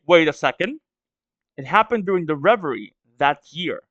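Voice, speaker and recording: A man's voice: a little high, animated, moderate pace, fairly bright tone, dry recording, lo-fi sound. A man with a stuffy nose from a cold, reading a manga aloud and reacting to it in hesitant, filler-heavy musing.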